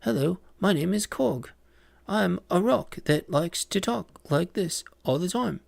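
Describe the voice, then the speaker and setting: A man putting on a boastful, chatty male movie star with a New Zealand accent, talking loud and fast. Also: lively intonation, gravelly, no echo, heavily acted. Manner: loud, rapid, high-pitched rambling.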